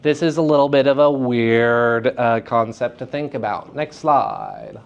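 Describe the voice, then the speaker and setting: A man teaching a room of young actors, talking at a middle pitch. He stays energetic and keeps checking in with "right?" and "okay?". He says example sentences over again to show where the stress falls. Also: unhurried, gravelly, smooth, highs cut off. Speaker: theater lecturer. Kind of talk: classroom lecture to students.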